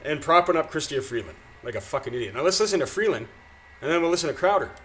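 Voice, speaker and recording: A man's voice: on the high side, big pitch swings, quick pace, a bit bright, a little hiss or hum. A man from Canada reacting to news clips with angry, profane, mocking commentary.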